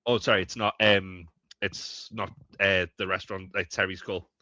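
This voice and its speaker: A man's voice: low-pitched, little pitch movement, moderate pace, pushed and bright, no room sound, highs cut off. A man co-hosting a casual review podcast, laying out his point step by step. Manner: thoughtful, builds an argument step by step.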